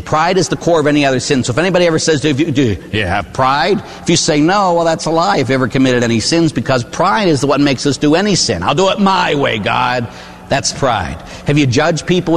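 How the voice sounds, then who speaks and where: A priest giving a conversational sermon, asking questions of the listeners and often tagging lines with "huh?". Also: male voice, medium pitch. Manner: conversational preaching with tag questions. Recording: hall reverb with faint hum.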